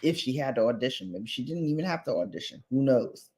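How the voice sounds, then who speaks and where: A woman's voice: a bass voice, animated, fast talker, dark tone, a little hiss or hum. A woman vlogger in casual, gossipy chat, talking straight to her viewers with playful asides. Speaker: beauty vlogger.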